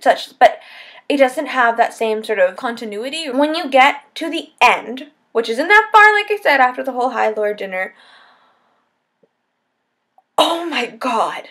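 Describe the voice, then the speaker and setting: A woman's voice: on the high side, a bit bright. A young woman vlogging about a book she just finished, gushing and breathless, breaking into squeals and near-tears. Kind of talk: excited spoiler-filled book talk. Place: at home, lit by setting sun.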